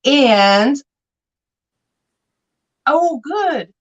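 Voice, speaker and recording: A woman's voice: sits high, animated, very slow, dull audio. A woman selling vintage glass on a live sale, chatting and telling stories with playful voiced quotes.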